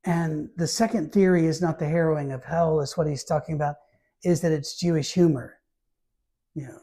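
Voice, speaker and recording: Husky-voiced pastor teaching scripture. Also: male voice, on the high side, a little fast, dark tone. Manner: reads scripture aloud, then breaks off to comment with asides and light humor. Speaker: pastor teaching a Bible study. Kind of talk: conversational Bible teaching.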